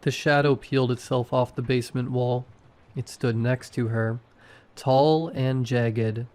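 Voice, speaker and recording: Guy reading scary stories real slow, steady middle voice. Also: mid-range voice. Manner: slow, measured delivery. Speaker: storyteller. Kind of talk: scripted horror narration.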